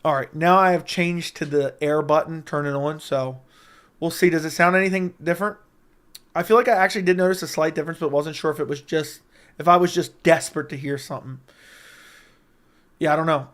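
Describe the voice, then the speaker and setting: A young man hosting a casual livestream from a room at home, talking close into a studio mic, joking and crude, with sudden loud bursts. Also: a little high, steady tone, brisk. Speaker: livestream host. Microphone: close studio mic with audio interface.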